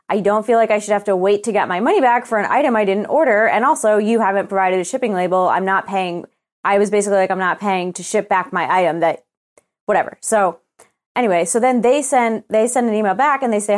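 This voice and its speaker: A woman's voice: medium pitch, a little fast. A young woman co-hosting a podcast, telling a story as a casual rant, swearing freely and acting out both sides of her email exchanges. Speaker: podcast co-host.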